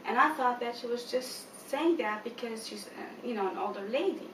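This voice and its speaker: Woman interviewee, earnest and fairly high-voiced, recorded from a distance in a noisy, roomy space. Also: brisk, hardly any pauses. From United States. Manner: earnest, retells conversations with many quoted lines. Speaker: mother of a jailed son, interviewee. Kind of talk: emotional personal account in an interview. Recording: echoey room, distant mic, noisy.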